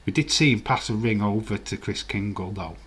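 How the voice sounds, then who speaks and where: Male streamer in his forties, lowish voice, easygoing rambling chat. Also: a little fast, breathy edge. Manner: laid-back, rambling commentary with filler words. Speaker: streamer hosting a live watch-along. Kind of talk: casual live-stream chat, reading viewer comments.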